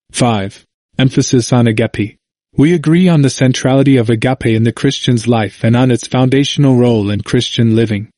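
A man giving a formal, measured reading of a church committee report, announcing each numbered point before its text. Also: mid-range voice, darkish tone, no echo, clean studio sound.

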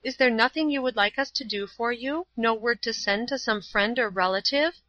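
A woman reading as a kind, firm caretaker who speaks tenderly, a touch higher than the narration. Bright tone, dry and slightly dull recording. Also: moderate pace, dry recording. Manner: tender, steady.

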